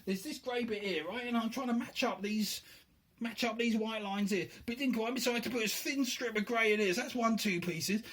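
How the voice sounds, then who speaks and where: In this casual show-and-tell, a hobbyist presents his handmade board game box. His voice is high and a bit bright, and his pace is brisk as he muses aloud, wanders off topic and jokes at his own expense.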